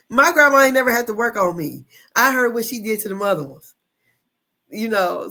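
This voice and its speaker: A woman in her fifties telling a childhood story in a casual monologue, animated, with slang, cursing and frequent laughter. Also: a little high, slow pace, long pauses. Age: 50s. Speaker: online commentator.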